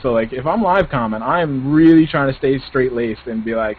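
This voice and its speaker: A middle-aged man in casual chat, quick and self-mocking, acting out his own whining. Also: mid-range voice, slightly rough. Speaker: gaming podcast co-host. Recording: tinny phone-like line with faint noise.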